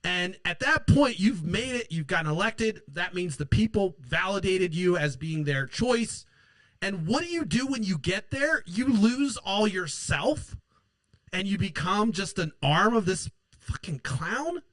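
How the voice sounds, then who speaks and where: Guy ranting about politics, swears a lot, higher voice, dry close sound. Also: expressive, unhurried, a bit bright, no echo, poor audio. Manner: profane, heated, rambling. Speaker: host.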